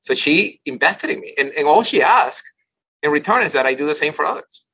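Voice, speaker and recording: Man, podcast guest, rapid-fire, bright and husky voice. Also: a little high, poor audio. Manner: rapid, animated, restarting phrases often. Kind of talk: casual interview storytelling.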